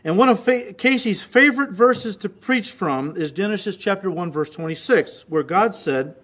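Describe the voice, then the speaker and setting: High-pitched guy preaching a sermon, acts out the quotes he reads. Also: lively intonation, normal speed, few pauses, a bit bright. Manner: reads quotes aloud, mimicking voices with rising intensity. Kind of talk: recorded sermon.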